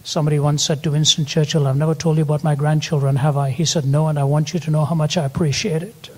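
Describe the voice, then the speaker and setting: A man's voice: a little high, level tone, fast talker, a little mellow, a little hiss or hum. An older man preaching a sermon, telling stories and rising to emphatic peaks. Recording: long hall reverb.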